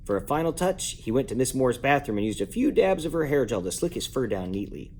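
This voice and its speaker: A man reads a children's chapter book aloud at bedtime. His voice sits at a middle pitch but moves a great deal, jumping up high to voice the characters. A faint background noise runs under the home recording. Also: sing-song, a little fast, a little mellow. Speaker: parent reading a bedtime story. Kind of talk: bedtime story read-aloud.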